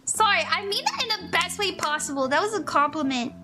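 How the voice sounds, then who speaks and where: Bubbly high-voiced young woman streamer. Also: animated, fairly quick, sharp tone. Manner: gushing, emotional, laughs often, reads chat aloud. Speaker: livestream tarot reader. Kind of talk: casual livestream chat. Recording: faint music behind.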